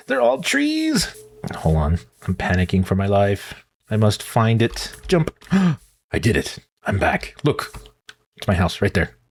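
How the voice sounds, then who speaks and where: A man's voice: fairly low pitch, slightly rough. A man hosting a gaming channel, rambling and talking to himself while he plays. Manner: rambling, animated, talks to himself while playing. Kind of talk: casual gameplay commentary.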